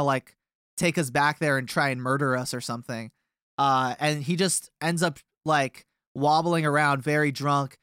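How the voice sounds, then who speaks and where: Young man, band member, casual storytelling, rambling, smooth voice, dry close recording. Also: a little high, a bit bright, no echo. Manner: rambling, many fillers and restarts. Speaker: touring band member, guest.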